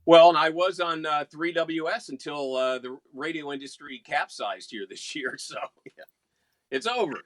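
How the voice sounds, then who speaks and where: A man's voice: on the high side, moderate pace, dry recording. A man from West Virginia, a veteran radio announcer co-hosting a casual chat show, talking in an easygoing, wry, teasing way.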